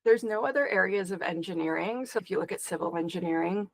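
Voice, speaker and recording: A woman guest on a podcast, telling stories with lots of quoted back-and-forth and a frustrated, animated edge. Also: lowish voice, quick pace, poor audio. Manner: animated, exasperated storytelling with quoted dialogue. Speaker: podcast guest, security educator. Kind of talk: conversational interview.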